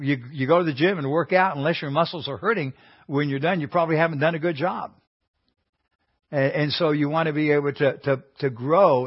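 An earnest man leads a Bible class, talking through the lesson in a conversational way. His voice sits a little higher than most men's, and he often stumbles over repeated words before going on. The recording is dull and lo-fi, with little clarity in the highs. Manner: earnest, conversational teaching with frequent restarts.

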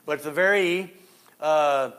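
Man as pastor, higher-pitched voice, informal sermon with scripture reading. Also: unhurried, fairly bright tone, clean tone. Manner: informal, uses "y'all", reads scripture aloud.

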